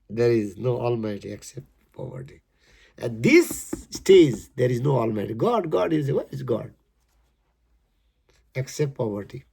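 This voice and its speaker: A man explaining his poem in halting, emphatic English, repeating his words as he goes. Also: medium pitch, sing-song, gravelly, dark tone, breathy edge. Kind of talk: casual spoken explanation.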